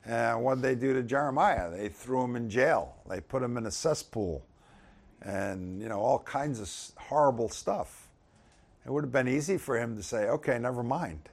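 A man teaching from the Bible in a relaxed, conversational way, at a mid-range pitch. He stays easygoing between the verses and grows emphatic whenever he reads Scripture aloud. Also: normal speed, gravelly.

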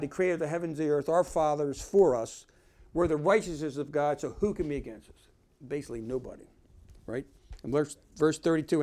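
A man's voice: a little high, darkish tone. A man giving informal Bible teaching, talking conversationally and reading verses aloud with emphasis. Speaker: preacher.

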